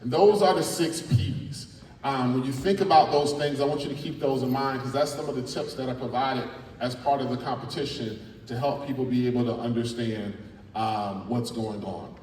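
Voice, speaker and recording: A middle-aged man, a spoken word artist giving a lively, playful workshop talk to students in a large school hall. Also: medium pitch, normal speed, slight background noise. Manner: animated and playful, coaching the crowd. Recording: echoey hall from far off.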